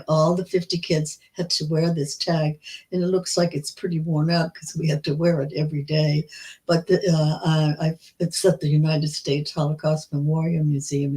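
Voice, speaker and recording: Elderly woman recounting her past slowly. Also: sits low, low-quality recording. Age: 90s. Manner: slow, halting storytelling with many restarts. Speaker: Holocaust survivor guest. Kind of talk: recounting memories in an interview.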